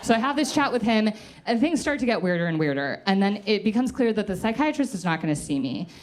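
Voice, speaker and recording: A woman's voice: medium pitch, big pitch swings, quick pace. A woman comedian telling a personal story in a casual, profane way, acting out the people she quotes.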